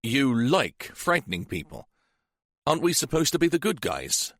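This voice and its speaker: A man's voice: medium pitch, huge pitch swings, moderate pace, no room sound, pitched above the performer's own voice. A man voicing a wary young detective constable, blunt and sardonic.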